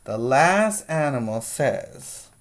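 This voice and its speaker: A man reads a picture book aloud to preschoolers at an unhurried, deliberate pace. He is a patient teacher who pauses to point out the pictures and quiz the little ones. His voice sits in an ordinary middle pitch. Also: sing-song. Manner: slow, patient, pointing out pictures and asking children questions. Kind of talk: reading a picture book aloud to young children.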